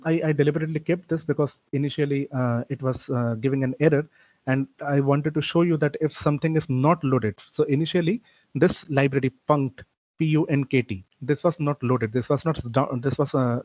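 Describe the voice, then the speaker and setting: In a recorded programming lecture, a man explains things step by step, often saying "okay" and "uh." His mid-range voice is a little mellow. The recording is dull, lo-fi, and dry, with no room sound.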